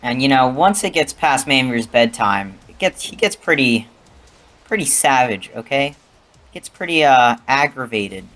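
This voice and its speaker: A man's voice: medium pitch, expressive, measured pace, fairly bright tone. A young man telling a rambling, profane story in casual talk, often adding "okay?".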